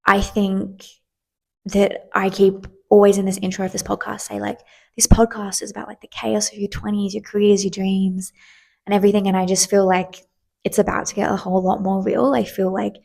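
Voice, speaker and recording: A woman's voice: medium pitch, vocal fry, a little mellow. A woman in her twenties hosting a podcast, talking candidly and chattily with lots of fillers and casual swearing. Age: 20s. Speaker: podcast host. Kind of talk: casual solo podcast chat.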